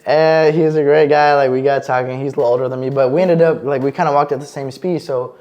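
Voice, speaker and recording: A man chatting as a podcast guest, a lively storyteller with plenty of fillers and restarts. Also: medium pitch, quick pace, lo-fi sound. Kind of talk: casual interview chat.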